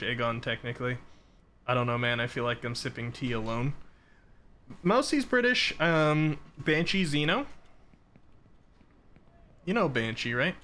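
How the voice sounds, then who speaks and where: A man from the Boston area in relaxed, casual chat with his live chat while playing a game. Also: medium pitch, measured pace, pauses often, a little hiss or hum. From Boston area, Massachusetts. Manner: relaxed, chatty, reads out chat messages. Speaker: streamer.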